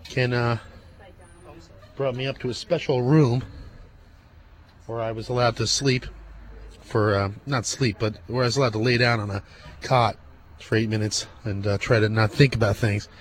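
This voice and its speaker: A man's voice: medium pitch, fairly even intonation, normal speed, long pauses, a little hiss or hum. Out-of-breath male radio host. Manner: chatty with fillers. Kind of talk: casual radio talk.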